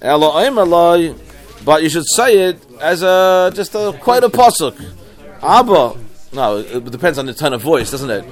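Man teaching Talmud, rather high voice. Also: big pitch swings, normal speed. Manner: translating Aramaic phrase by phrase, explanatory. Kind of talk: Talmud study class.

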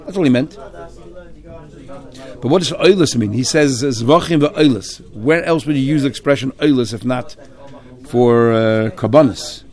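A man's voice: mid-range voice, normal speed, long pauses, a little mellow. A man leading a Talmud study discussion, arguing and questioning, sprinkling in Hebrew and Yiddish terms. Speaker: Torah study teacher.

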